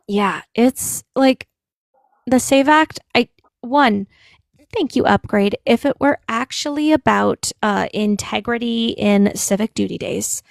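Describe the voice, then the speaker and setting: A woman's voice: medium pitch, gravelly, no echo, clean studio sound. A woman hosting a political debate on a live stream, blunt and teasing as she scolds guests and thanks viewers. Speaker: livestream host.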